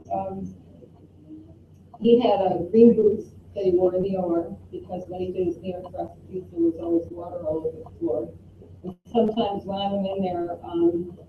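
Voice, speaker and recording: A woman shares fond memories of a colleague at a memorial service, talking in a relaxed, conversational way with many ums. She sounds tinny and far from the microphone, with a faint hiss underneath. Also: medium pitch, echoey room. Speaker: colleague giving a eulogy. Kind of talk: memorial eulogy with anecdotes.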